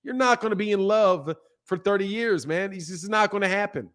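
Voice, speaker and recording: Talking fairly quickly, a boxing channel host with a high male voice reads his audience's comments aloud during a casual livestream. His answers are blunt and profane, mixed with laughter and energetic tangents.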